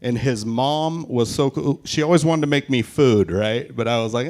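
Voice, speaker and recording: A man's voice: medium pitch, fairly quick, few pauses. A young man doing a stand-up set in a brewery, brash and profane, working the crowd with punchy jokes. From Pacific Northwest, USA. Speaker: stand-up comedian. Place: brewery, live audience.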